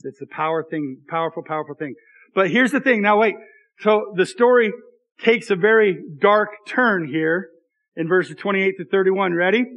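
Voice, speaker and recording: A man's voice: high-pitched, moderate pace, a bit bright, dull audio. A man preaching a sermon as pastor, reading scripture aloud and making joking asides to the congregation in a conversational way.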